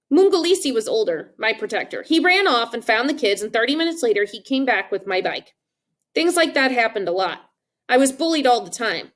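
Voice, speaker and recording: A woman narrating an audiobook with expressive storytelling. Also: a little high, brisk.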